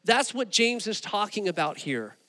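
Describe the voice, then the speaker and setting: A man preaching a sermon, telling stories with animated, rising emphasis. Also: high-pitched, normal speed, long reverb tail. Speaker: pastor.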